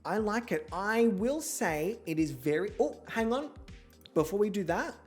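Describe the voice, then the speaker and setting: A man's voice: high-pitched, lively intonation, unhurried, faint music behind. A young man hosting a model-show game, chatting casually in a campy, self-mocking way and swearing often. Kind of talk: casual gameplay commentary.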